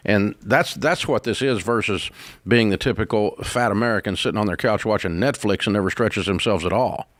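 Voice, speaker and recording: A man's voice: lowish voice, brisk, no room sound, clean studio sound. A man hosting a call-in advice show, talking in a blunt, folksy way with restarts. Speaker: radio show host. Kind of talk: casual advice talk.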